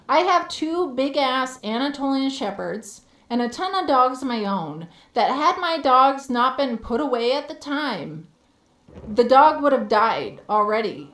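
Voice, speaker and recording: A woman streamer telling a story in a heated, profane, animated rant. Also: a little high, roomy sound. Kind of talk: casual ranting storytelling.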